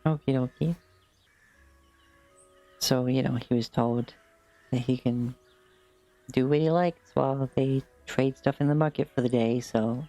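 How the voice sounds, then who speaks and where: Gravelly-voiced easygoing male game master. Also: mid-range voice, fairly even intonation, a little slow, pauses often, warm tone, faint music behind. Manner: easygoing, chatty, casual fillers. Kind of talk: running an online tabletop game.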